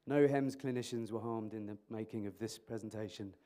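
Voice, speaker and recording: Animated man quizzing a conference audience. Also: lowish voice, brisk. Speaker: conference speaker, emergency clinician. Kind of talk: interactive conference talk. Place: conference hall. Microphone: microphone.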